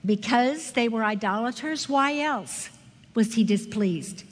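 High-voiced woman teaching Bible study. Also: unhurried. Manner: expressive, asks the audience questions. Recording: echoey hall with long reverb.

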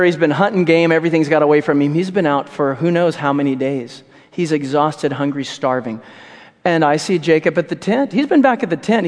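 Guy preaching, animated storyteller, echoey hall with long reverb. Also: on the high side. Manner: vivid, animated retelling with asides. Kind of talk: sermon storytelling.

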